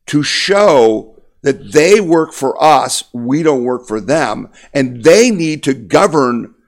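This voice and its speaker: A man giving an impassioned political monologue as a talk host, emphatic and repetitive, rallying his listeners. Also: mid-range voice.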